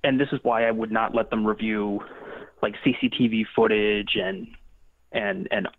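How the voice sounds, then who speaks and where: A man's voice: lowish voice, steady tone, normal speed, no echo. Rambling man on a tinny line. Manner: rambling, many restarts and fillers. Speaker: paranormal investigator guest. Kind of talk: casual interview talk.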